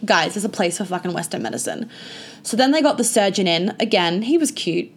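A woman's voice: medium pitch, animated, a little fast, slightly rough. A young woman telling a personal story to her viewers in a casual, chatty way, full of "like" and frequent swearing. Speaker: vlogger.

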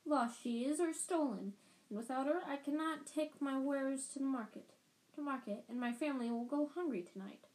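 A woman voices a poor old man pleading in old-fashioned speech, pitching above her own natural voice while staying close to everyday speech. The tone is darkish, high, and moderately paced.

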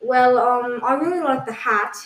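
A woman co-hosting an improvised comedy podcast with a voice that sits a little high. She defends absurd claims in an earnest, hesitant way, full of ums. An echoey room surrounds her. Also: moderate pace, fairly bright tone. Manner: hesitant, insisting on absurd claims with a straight face. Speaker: podcast co-host.

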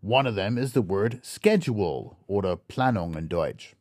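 Man explaining words slowly, lively pitch. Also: dry recording, clean studio sound. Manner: slow, careful explaining, spelling words out letter by letter. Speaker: podcast host. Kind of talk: scripted educational narration.

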